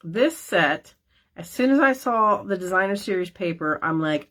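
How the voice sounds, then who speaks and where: A woman's voice: mid-range voice, lively intonation, moderate pace, fairly bright tone. A middle-aged woman hosting a crafting class, talking casually and folksily with many fillers and asides. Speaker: stamping demonstrator hosting a class. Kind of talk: casual craft show-and-tell.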